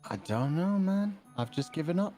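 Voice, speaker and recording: A man's voice: high-pitched, lively intonation, normal speed, mellow, faint music behind. A man playing in a tabletop game on a call, laid-back and resigned. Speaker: player. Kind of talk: casual banter in a tabletop game.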